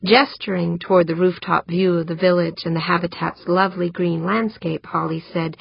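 A woman narrating a novel in an even, measured reading. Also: fairly low pitch, gravelly, slightly rough, no room sound. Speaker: audiobook narrator. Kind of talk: scripted narration. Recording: dry, dull lo-fi audiobook recording.

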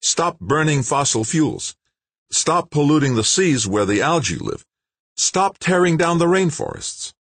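An earnest male scientist pleads his case with urgent, emphatic energy and a lively, rising pitch, played by a male reader. The voice is husky and recorded close and dry. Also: moderate pace, no room sound. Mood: impassioned.

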